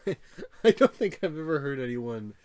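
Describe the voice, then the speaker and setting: A young man chatting casually on a podcast, quick to laugh and crack jokes. His pitch swings widely as he talks, and he sounds like he's in a bedroom. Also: very animated, a little mellow. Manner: joking, laughs often, does silly voices. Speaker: podcast co-host. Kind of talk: casual chat.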